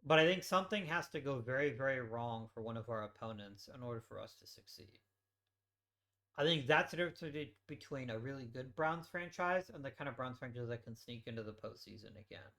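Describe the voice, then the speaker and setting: A man's voice: medium pitch, animated, brisk, bright, forceful tone. A man hosting a let's play, giving casual gameplay commentary as he thinks aloud and swears offhandedly.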